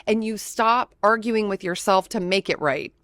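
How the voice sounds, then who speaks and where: A woman hosting an interview, speaking calmly and thoughtfully with an affirming tone. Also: medium pitch, moderate pace, no room sound. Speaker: interview host. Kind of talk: conversational interview.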